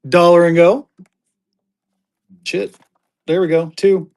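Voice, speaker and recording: High-voiced upbeat livestream auction seller man. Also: vocal fry. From Colorado. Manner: upbeat, rapid-fire adding items, gets excited.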